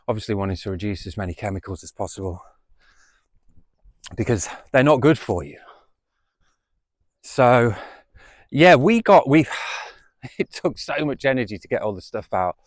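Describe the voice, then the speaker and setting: Outdoors in the wind, a British vlogger rambles through a story to camera, repeating himself and using many fillers. His voice is lowish, and despite the small camera mic without a windscreen, the sound is clean studio quality with no room sound.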